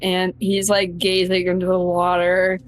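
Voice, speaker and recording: A woman playing her character in a tabletop game, talking slowly and thoughtfully about him, with bursts of loud laughing exclamations. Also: on the low side, completely flat delivery, slight background noise, rough recording.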